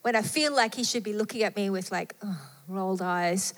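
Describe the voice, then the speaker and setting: A woman preaching a sermon with fervent delivery, rising to emphatic peaks and falling to hushed, soft phrases. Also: on the high side, animated, normal speed, hardly any pauses. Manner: fervent, swelling and dropping to soft tones. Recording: long hall reverb.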